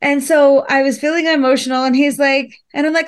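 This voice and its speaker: A woman's voice: sits high, fast, hardly any pauses. A woman speaker telling a personal story in casual conversation, emotional and often laughing. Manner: emotional, laughing, animated retelling. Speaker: guest speaker.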